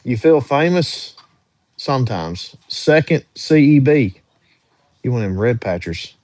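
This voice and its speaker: A young man runs a casual livestream, reading his viewers' questions aloud and answering each one in an easygoing, drawling way. His voice sits at an ordinary pitch for a man. The sound is dry and close, with no room echo. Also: expressive, unhurried, a little mellow. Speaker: livestream host answering chat.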